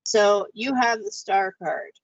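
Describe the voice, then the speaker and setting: A woman's voice: fairly even intonation, takes it slowly, dry recording. A woman hosting a live psychic show, doing a chatty tarot reading for viewers. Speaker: host and psychic reader. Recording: muffled low-fi audio.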